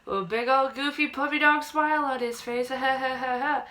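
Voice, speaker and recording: A woman's voice: high-pitched, normal speed, bright, forceful tone, rough recording. A young woman vlogger casually telling a personal ghost story to camera, acting out quotes in a raised childlike voice.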